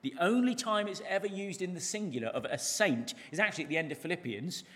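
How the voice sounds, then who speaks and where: A man preaching a sermon to a church congregation, animated, stretching key words out for emphasis and asking rhetorical questions. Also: high-pitched, quick pace. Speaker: pastor. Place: church service, large room. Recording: long church reverb.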